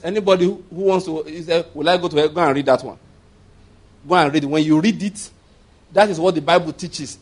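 A man's voice: high voice, breathy edge. A man preaching a conversational sermon as pastor, rambling through asides and chuckling often.

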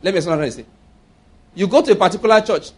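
A man's voice: sits high, animated, racing, slightly rough. A man preaching a sermon, emphatic and often asking his listeners rhetorical questions.

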